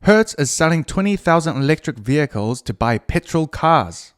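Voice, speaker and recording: A man's voice: fairly high pitch, sing-song, normal speed. A man hosting a solo podcast, talking in a crude, meandering, self-mocking way with many fillers and restarts. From New Zealand. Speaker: podcast host. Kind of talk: rambling solo podcast monologue.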